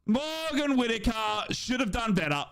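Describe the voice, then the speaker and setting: A man giving excitable live football commentary during a watch-along, his voice jumping high in big moments as he reads out and answers viewer comments. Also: moderate pace, clean tone. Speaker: football fan commentator and streamer.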